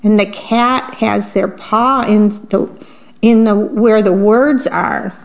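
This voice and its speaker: A woman reading picture books aloud to children in a gentle manner, pausing to describe the pictures. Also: medium pitch, vocal fry. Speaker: storybook reader. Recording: dull lo-fi recording.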